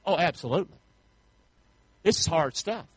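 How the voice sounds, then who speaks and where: A man preaches a sermon in a high, bright-pitched voice. He calls out to the congregation for answers and swells into shouts. The sound is dry and close. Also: lively intonation, moderate pace, breathy edge, dry recording, rough recording. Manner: preachy call-and-response, rising to shouts. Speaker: pastor.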